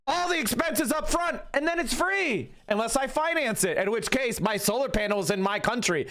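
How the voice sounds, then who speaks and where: A man streaming live, reacting to a clip with angry, profane rants and bursts of yelling. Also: extremely high pitch, lively intonation, moderate pace, few pauses. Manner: yells in bursts.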